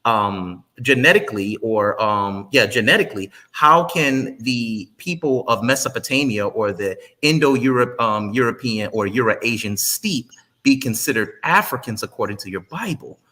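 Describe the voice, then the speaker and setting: Guy with a bright sharp voice on a debate stream, calm, keeps pushing his question. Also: medium pitch. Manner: measured, persistent questioning. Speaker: debate caller. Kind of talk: livestream debate.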